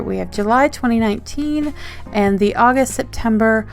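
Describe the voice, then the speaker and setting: A woman's voice: on the high side, normal speed, faint music behind. An Australian woman opening fan mail on her vlog in a bubbly, gushing, giggly and rambling way. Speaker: zine-maker vlogger.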